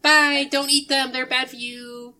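A cheerful, oddball young sushi maker, put on by a woman in a tabletop game. His voice sits high and bright, and he chatters in a breezy, slightly deadpan way about dark things. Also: normal speed. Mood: friendly. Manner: chirpy, rambling, a bit deadpan about grim things.

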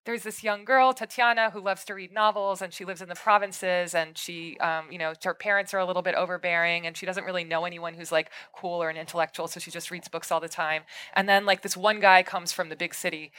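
A woman's voice: on the low side, a little fast, few pauses, clean tone. A woman author being interviewed about her novel at a bookshop event, talking in a chatty way with lots of fillers and restarts. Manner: chatty, full of fillers and restarts, animated retelling. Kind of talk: conversational book talk at a live event.

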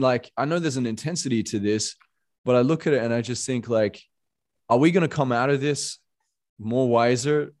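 A man's voice: mid-range voice, a little mellow. A man talking in a casual podcast chat, impassioned and rambling, peppering his speech with "bro" and "man". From Australia. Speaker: podcast guest.

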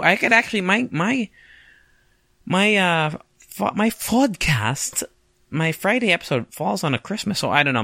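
A man in his late twenties rambles through a solo podcast in a bright, lively voice that jumps around in pitch. He talks casually and profanely, often poking fun at himself, and the sound is dry and close. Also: vocal fry, no room sound. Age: 20s. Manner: casual, profane, self-mocking, laughs often. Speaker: podcast host.

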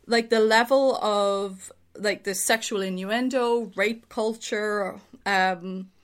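A young woman in a relaxed conversation with a friend. She talks in long, winding runs. She often restarts her sentences and fills the gaps with "um" and "like.". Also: medium pitch, slow. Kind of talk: casual chat.

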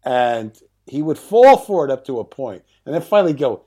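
A man's voice: medium pitch, brisk. A middle-aged man, a film director guest, telling anecdotes in an interview, acting out quotes and laughing often. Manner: lively raconteur, acts out quotes, laughs often.

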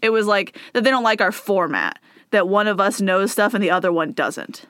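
A woman's voice: mid-range voice, normal speed, fairly bright tone, no room sound, clean studio sound. A woman co-hosting a comedy podcast in casual chat, laughing often and reading listener emails aloud. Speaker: podcast co-host.

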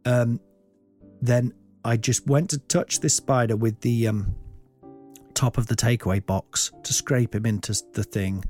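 A man's voice: medium pitch, steady tone, normal speed, a little mellow, soft background music. A middle-aged man and comedian hosting a podcast, telling a rambling, self-deprecating comic monologue full of swearing.

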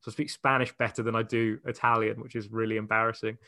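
A young man, chatting as an interview guest, talking in a loose, animated way full of "like"s and restarts. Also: on the low side, fast, no echo, clean studio sound. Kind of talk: casual conversational interview.

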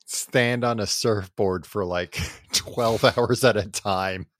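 Man, young adult, podcast co-host, lowish voice, dry close mic, loose rambling retelling. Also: steady tone, slow, fairly bright tone, no room sound. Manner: rambling, acts out characters in throwaway voices. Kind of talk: casual chat, recapping a book.

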